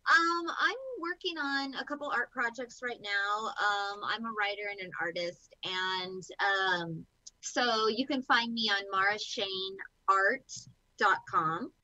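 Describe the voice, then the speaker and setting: A woman writer and artist speaking hesitantly, with many pauses, over a video call. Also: mid-range voice, pushed and bright, lo-fi sound. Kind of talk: casual chat.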